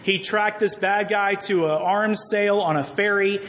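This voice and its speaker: A middle-aged man preaching a sermon in a conversational, joking style, telling stories with animated energy. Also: high voice, normal speed. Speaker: pastor.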